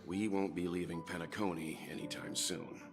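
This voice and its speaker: A streamer reading a calm older male mentor's lines aloud in a slow, low, solemn voice. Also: creaky, over music. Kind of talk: reading game dialogue aloud.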